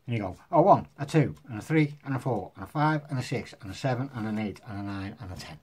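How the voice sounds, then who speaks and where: Man, casual magic demo, jokey, self-mocking, medium pitch. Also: expressive, fast talker, a little mellow, slightly rough. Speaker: magician presenting tricks. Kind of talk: casual magic demonstration to camera.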